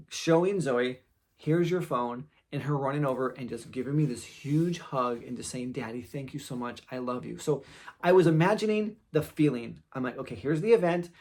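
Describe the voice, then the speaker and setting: A man in his thirties or forties hosting a podcast and telling a personal story in a casual, animated way, acting out the quotes in it. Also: mid-range voice, normal speed. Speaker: podcast host.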